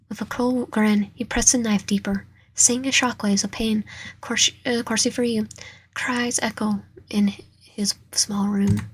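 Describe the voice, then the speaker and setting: A woman's voice: medium pitch, steady tone, measured pace, slight background noise. A young woman reading a dating sim aloud, often stumbling over words and correcting herself. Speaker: gaming channel host.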